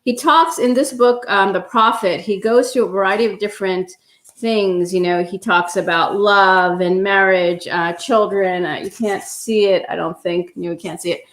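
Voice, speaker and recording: A woman hosting a self-love affirmation session, talking gently and unhurriedly with many pauses and ums. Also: medium pitch, fairly even intonation. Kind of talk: guided affirmations and meditation talk. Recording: roomy echo.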